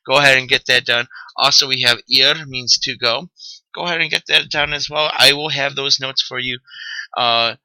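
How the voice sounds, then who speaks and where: A man's voice: mid-range voice, bright, forceful tone, dry recording, poor audio. A man teaching a recorded vocabulary lesson, upbeat and joking, checking in with "okay?" often. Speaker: Spanish teacher.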